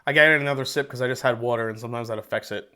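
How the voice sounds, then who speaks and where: A man's voice: mid-range voice, fairly even intonation, racing, pushed and bright. A man hosting a casual whiskey tasting livestream from home on a wireless mic, talking loosely, rambling and swearing now and then. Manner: loose, chatty, rambling, swears and laughs easily. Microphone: wireless microphone with battery pack.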